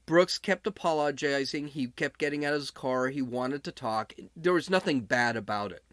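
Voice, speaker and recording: A man's voice: on the high side, no echo. A man hosting a podcast, talking casually as he recounts events, often restarting his sentences. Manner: conversational recounting with frequent restarts. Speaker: podcast host.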